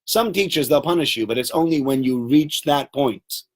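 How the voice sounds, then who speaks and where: A man's voice: mid-range voice, lively intonation, normal speed. A man giving a Torah lesson to a class, telling stories with animation and acting out quotes. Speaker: Torah teacher.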